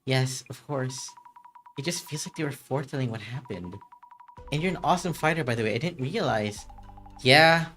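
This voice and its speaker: Animated streamer reading game dialogue. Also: mid-range voice, moderate pace, soft background music. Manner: animated, with shifting character voices.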